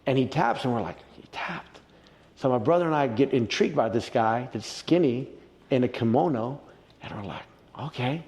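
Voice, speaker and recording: A man in a casual interview, telling a story with animated retelling and quoted reactions. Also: mid-range voice, fairly quick, long reverb tail. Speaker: interview guest, jiu-jitsu black belt.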